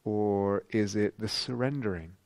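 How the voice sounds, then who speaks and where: In a retreat centre meditation hall, a meditation teacher gives a thoughtful dharma talk, pausing and restarting while he searches for words. His voice is lowish with a darkish tone, and the recording is dry.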